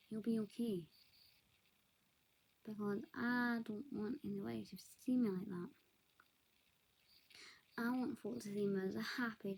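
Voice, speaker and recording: Soft-spoken woman, gravelly half-whisper. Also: medium pitch, low-quality recording. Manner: soft, often whispered, hesitant. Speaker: vlogger. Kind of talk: confessional monologue to camera.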